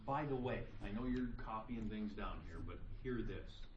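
A man's voice: fairly low pitch, moderate pace, muffled recording, slight background noise. A man teaching a psychology class, telling the story with jokes and dramatic gasps. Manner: lively, joking, animated storytelling. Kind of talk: classroom lecture. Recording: echoey classroom from far off.

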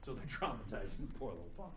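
Man teacher, lively lecture delivery with playful asides, recorded from across a reverberant room. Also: mid-range voice, fast talker, slight background noise. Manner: lively, joking, animated storytelling. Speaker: psychology teacher. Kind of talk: classroom lecture. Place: classroom. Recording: echoey classroom from far off.

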